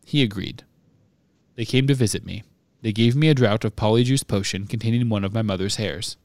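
A man reading aloud, voicing a drugged young man who speaks in a flat, expressionless monotone. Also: fairly low pitch, fairly quick, no room sound, natural voice.

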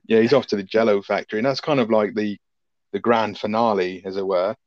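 A man's voice: lowish voice, fairly even intonation, moderate pace, dry recording, lo-fi sound. A man co-hosting a podcast, rambling and swearing cheerfully as he recaps a film. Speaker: podcast co-host. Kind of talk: casual film review chat.

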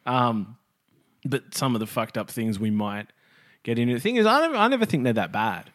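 A man's voice: mid-range voice, very animated, a little fast, fairly bright tone, dry recording, studio quality. An Australian man co-hosting a podcast, rambling and self-deprecating in casual chat, laughing often. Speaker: podcast co-host.

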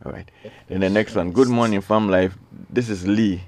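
A man hosts a radio call-in program from the studio, earnestly reading listener messages aloud. His voice sits very low with a gravelly fry. The sound is dry and close. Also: steady tone, normal speed, no echo. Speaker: radio show host. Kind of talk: radio call-in talk show.

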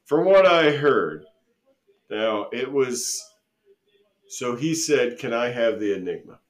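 A man's voice: medium pitch, lively intonation, slow. A man co-hosting a casual podcast who rambles through gossipy stories and acts out the quoted lines. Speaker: podcast co-host. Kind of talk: casual joking chat.

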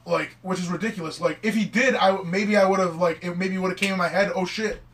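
A young man with a high, bright voice tells a story in rambling, excitable bursts, and he swears constantly along the way. He sits a little back from the mic. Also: fairly quick. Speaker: storyteller among friends. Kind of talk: casual podcast chat. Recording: mic at a distance.

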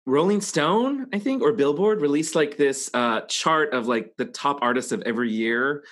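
A man's voice: on the high side, animated, moderate pace, a bit bright. A man co-hosting a casual chat show, gushing as a pop-music fan. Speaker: podcast co-host.

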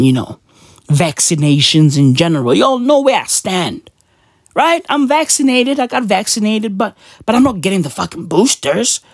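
A woman's voice: lowish voice, breathy edge, no echo, studio quality. A woman ranting in a profane, mocking and indignant monologue, constantly asking her listeners "right?". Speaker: commentator.

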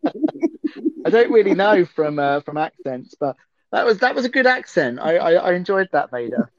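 A man's voice: high voice, sing-song, normal speed, dry recording. Giggly man with a dry, dull-sounding voice. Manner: giggly, rambling with frequent laughs. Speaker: podcast co-host. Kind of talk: casual chat while watching a film. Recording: dull, slightly muffled audio.

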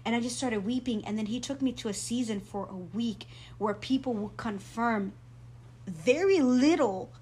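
A woman guest telling her faith testimony in an earnest, animated way. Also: a little high, normal speed, husky.

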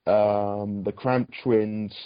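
A man talking in a relaxed podcast chat. He rambles and often restarts his sentences. The recording is dull and lo-fi, with a dry, close sound. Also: on the low side, very slow, clean tone, no echo. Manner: rambling, chatty, with frequent restarts. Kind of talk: casual podcast chat about a cartoon.

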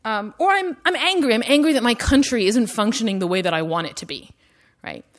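A woman lectures at a university in a conversational style, her fairly high voice expressive and brisk. She fills her talk with "like" and "right?" tags, and her questions rise with emphasis.

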